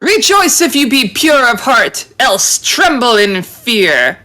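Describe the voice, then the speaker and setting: A woman's voice: on the high side, very animated, slow, pushed and bright, pitched above the performer's own voice, heavily acted. A woman voicing a righteous female holy warrior who proclaims her titles in a lofty, declaiming tone. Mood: proclaiming.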